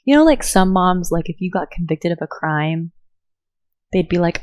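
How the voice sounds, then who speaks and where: A woman's voice: lowish voice, animated, normal speed, a little mellow. A young woman, telling a personal story in casual podcast chat with many fillers. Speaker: podcast co-host.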